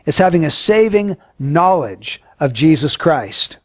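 A man preaching a sermon in an earnest, emphatic way, often dropping to a hushed, solemn tone. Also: fairly high pitch, very animated, unhurried, dry recording, studio quality.

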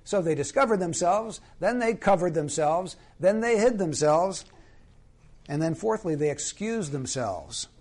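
A man with a notably high voice delivers a sermon. He preaches earnestly, leaning on key words and slowing to drive points home. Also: animated, a little mellow. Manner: earnest, emphatic preaching with slow, stressed phrases.

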